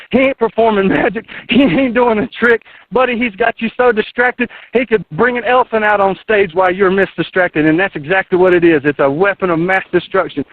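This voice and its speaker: A man's voice: high-pitched, no echo. A man in his thirties from North Carolina, a radio guest preaching in a fired-up, repetitive way, calling in from outdoors in his yard. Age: 30s. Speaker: internet radio host, guest. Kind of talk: impassioned guest talk on a call-in radio show. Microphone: phone line. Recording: tinny dry phone line.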